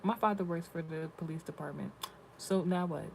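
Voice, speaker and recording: A man's voice: a little high, a little fast, gravelly, a little hiss or hum, rough recording. A man ranting in a casual, profane vlog, telling rambling stories and reading spiritual messages. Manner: blunt, cursing, rambling storytelling.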